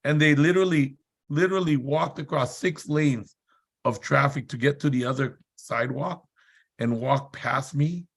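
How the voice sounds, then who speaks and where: A man's voice: mid-range voice, moderate pace, gravelly. A man speaking at a seminar, telling a motivational story with emphatic, repetitive build-ups and dramatic delivery. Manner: dramatic, acts out shouted quotes.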